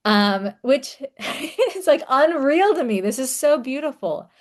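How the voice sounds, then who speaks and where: A young woman talking casually to her audience, chatty and relaxed, with many fillers and small laughs. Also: high voice, slow pace. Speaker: author and content creator. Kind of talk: casual solo talk to camera.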